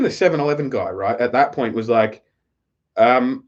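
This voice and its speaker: A mid-range male voice with an Australian accent, moving at a moderate pace, rambles through a profane anecdote while chatting on a live stream. Sound quality is slightly dull lo-fi.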